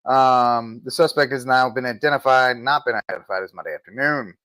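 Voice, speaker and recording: A man's voice: mid-range voice, fairly quick, pushed and bright, smooth, dry recording. A man hosting a podcast, reading news items aloud and cutting in with sarcastic asides, streaming from the road. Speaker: podcast host. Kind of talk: casual news commentary, reading headlines. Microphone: mobile setup with spotty reception.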